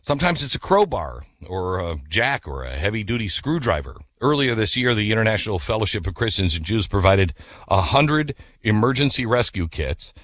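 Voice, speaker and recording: A radio host man telling an animated story in a chatty way, then reading ads. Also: on the low side, moderate pace, no room sound. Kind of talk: storytelling and ad reads.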